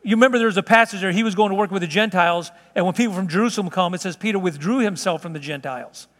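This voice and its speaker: A middle-aged man preaches from the pulpit of a church sanctuary, his voice pitched high for a man. He talks loosely, stumbling and restarting as he goes, and the long reverb of the hall trails after each phrase. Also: rapid-fire, fairly bright tone. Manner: conversational preaching with frequent restarts. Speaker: pastor. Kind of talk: sermon.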